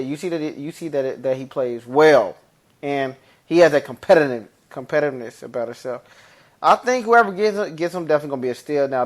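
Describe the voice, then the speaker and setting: A fairly high-voiced man talks sports on a podcast, getting animated as he makes his point. He repeats words and restarts sentences in loose, slangy talk. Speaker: podcast co-host. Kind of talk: casual sports chat.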